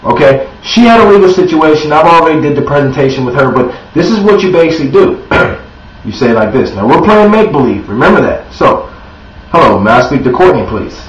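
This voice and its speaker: A man giving a sales training talk, acting out a phone pitch, who often clears his throat and restarts with ums. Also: animated, fairly quick. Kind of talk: sales training demo with mock phone call. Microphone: Bluetooth headset. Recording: roomy, distant, dull lo-fi camera audio with faint hiss.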